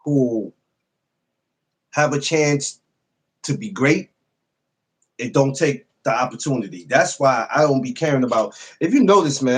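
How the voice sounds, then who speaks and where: Greeting his live chat viewers by name, a man with a husky, medium-pitched voice hosts a casual podcast livestream. He talks loosely, with profanity and plenty of laughter.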